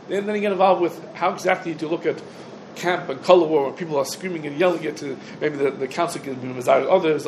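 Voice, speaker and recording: The audio is poor, with a little hiss or hum, as a man with a slightly high voice teaches an informal halacha class. This Torah teacher asks rhetorical questions and answers them, his talk dense with Hebrew terms.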